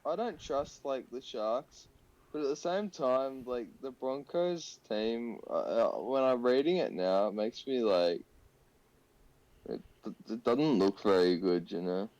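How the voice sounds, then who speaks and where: A man's voice: medium pitch, lively intonation, measured pace, darkish tone, no room sound. A man co-hosting a podcast, chatting casually, laughing often and hesitating with fillers. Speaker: podcast co-host. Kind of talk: casual chat. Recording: dull lo-fi audio.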